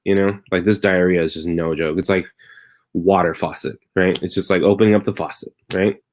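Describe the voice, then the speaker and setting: A man with a low, deep voice talks on a live stream from his bedroom. He tells a meandering story in a loose, chatty way that swings between wry jokes and quiet tenderness. The sound comes through a plain computer mic. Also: fairly even intonation, fairly quick. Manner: rambling storytelling, turning wry then tender. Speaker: comedian hosting a live stream. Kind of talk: casual confessional monologue.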